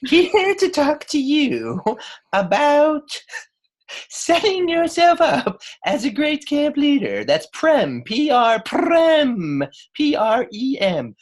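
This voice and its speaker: A man putting on Professor Prem, a shrill, showy guest. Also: fairly bright tone, exaggerated voice. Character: pompous male professor with a put-on accent. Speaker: guest speaker skit.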